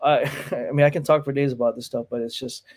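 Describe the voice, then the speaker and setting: Man with an animated storytelling voice. He acts out quotes, swears freely and laughs between lines. A martial arts instructor in relaxed conversation. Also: mid-range voice, fast talker. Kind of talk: casual chat, storytelling.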